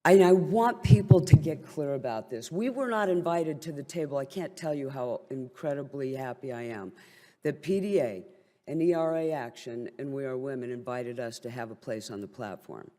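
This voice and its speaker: A woman's voice: very deep voice, normal speed, dark tone. An older woman who is a military veteran gives an impassioned, blunt and wryly indignant speech at a briefing. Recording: long hall reverb.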